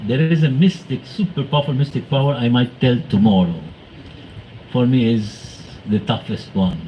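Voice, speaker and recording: A man speaking to a devotional gathering, telling anecdotes in an animated way, acting out quoted voices and laughing often. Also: medium pitch, normal speed, slight background noise, low-quality recording. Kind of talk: storytelling talk to a congregation.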